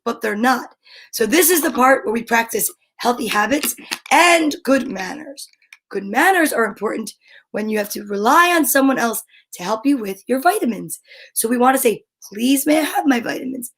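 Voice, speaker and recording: A woman's voice: on the high side, poor audio. A middle-aged woman with a New Jersey accent hosting a cheerful kids' show in a playful, sing-song way. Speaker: children's show host. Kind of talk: cheerful live-stream chat for kids.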